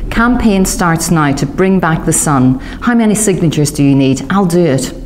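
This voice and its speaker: Woman doing a loud grumpy teen girl. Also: low voice, expressive, moderate pace, slight background noise. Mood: exasperated. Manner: loud, exasperated, shouting. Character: grumpy outspoken teenage girl.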